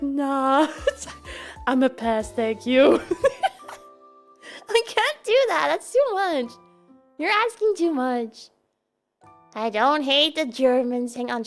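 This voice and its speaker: A woman's voice: high-pitched, darkish tone. A young Dutch woman with a Dutch accent, a native Dutch speaker, chatting playfully with her live stream viewers and giggling often. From Netherlands. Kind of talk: casual chat with live viewers.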